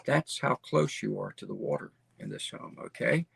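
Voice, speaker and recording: A man's voice: mid-range voice, normal speed, vocal fry, a bit bright, breathy edge, dry recording. A middle-aged man hosting a show, talking casually and enthusiastically as he walks viewers through a listing on screen, often tagging lines with "okay?" and repeating himself. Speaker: host. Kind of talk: casual screen-share presentation.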